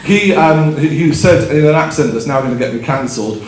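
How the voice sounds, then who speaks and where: A man's voice: on the high side, brisk, darkish tone. Chatty man in a roomy hall. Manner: chatty, self-deprecating, frequent ums, laughs at own story. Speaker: keynote speaker. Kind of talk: conference keynote storytelling. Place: conference hall stage. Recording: roomy hall, faint background ambience.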